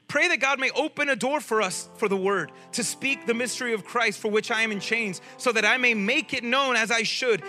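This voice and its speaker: A male pastor preaches in a high, bright, forceful voice, lively and casual, throwing questions to the crowd. Faint music plays behind him. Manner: animated preaching, asks the audience questions; casual speech. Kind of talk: sermon.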